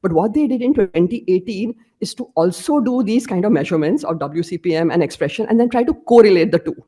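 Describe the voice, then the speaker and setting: Woman, lecturer, mellow tone, explanatory, slide-by-slide academic talk. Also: mid-range voice, lively intonation, fast, slightly rough. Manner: explanatory, walks through slides step by step. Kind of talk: academic presentation.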